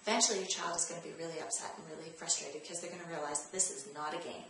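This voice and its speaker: Rapid-fire and fairly even in intonation, a woman with a low, bit-bright voice coaches viewers directly on her parenting vlog, hammering home her key points. Expect slight background noise, faint ambience, and a very echoey room.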